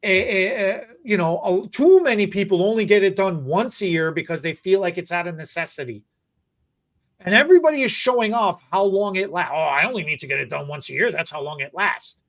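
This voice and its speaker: A podcast host in casual chat, joking and rambling, often restarting sentences. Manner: animated, joking, rambling with restarts and repeated words; mock infomercial pitch. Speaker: podcast host and stylist educator.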